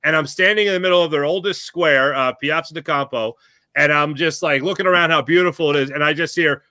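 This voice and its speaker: Lively high-voiced man telling stories. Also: fast talker, dry recording. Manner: animated storyteller, acts out quotes. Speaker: guest commentator. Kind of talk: casual sports chat.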